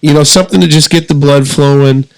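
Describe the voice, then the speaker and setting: A man's voice: a little high, fast, no room sound, rough recording. Easygoing middle-aged Indiana man, dry close sound. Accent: Southern Indiana. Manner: relaxed, joking, lays out his plans step by step. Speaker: podcast co-host. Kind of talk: casual chat.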